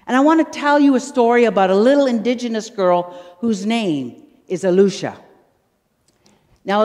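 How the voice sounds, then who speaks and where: A woman minister telling a children's story in a sermon, with dramatic pauses. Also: on the high side, darkish tone. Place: church sanctuary. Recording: long church reverb.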